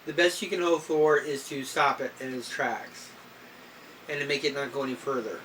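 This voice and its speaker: A man in a personal video diary, talking haltingly with many fillers and clearing his throat and coughing now and then. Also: mid-range voice, fairly even intonation, fairly bright tone. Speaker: vlogger. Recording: slightly distant mic with faint noise.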